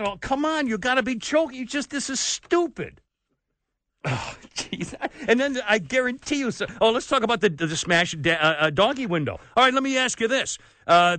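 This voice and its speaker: Worked-up high-voiced male radio host. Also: sharp tone, no room sound. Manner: exasperated, worked up, ranting. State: sweating, overheated. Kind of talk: opinionated talk radio rant.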